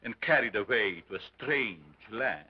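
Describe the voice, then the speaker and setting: An actor playing a sinister carnival scientist with a strange foreign accent, declaiming grandly in a 1930s film. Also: male voice, fairly low pitch, expressive, normal speed, heavy background noise, natural voice. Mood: grandiose. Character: sinister showman scientist, older man, theatrical. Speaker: carnival lecturer. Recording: dull lo-fi 1930s film sound.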